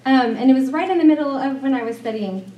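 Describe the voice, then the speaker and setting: A woman's voice: high voice, fast talker, far from the mic, highs cut off, a crowd in the background. Chatty woman teaching in an echoey room. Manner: chatty, rambling, with fillers and restarts. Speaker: Bible study teacher. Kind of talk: women's Bible study talk. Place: church meeting room.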